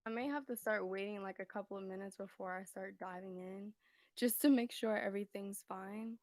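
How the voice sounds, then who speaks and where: Indoors at home, a tarot reader goes live on her phone, her medium-pitched voice steady, a little mellow and a touch fast, with no echo. She's a bit out of breath and chatty, rambling along, laughing often and repeatedly asking if viewers can hear.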